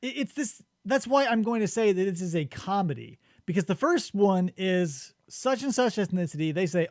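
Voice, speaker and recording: Brief: male podcast co-host, high lively voice, dry close sound, comic riffing. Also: fairly quick, few pauses, no echo. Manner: animated, swearing, acts out witness quotes. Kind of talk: casual comedic book discussion.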